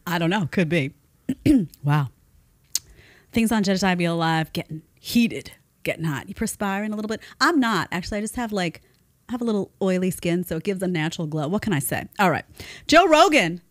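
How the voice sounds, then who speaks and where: A woman in her thirties hosting a casual commentary show, chatty and animated, laughing often. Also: on the low side, brisk, no room sound, clean studio sound. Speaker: host.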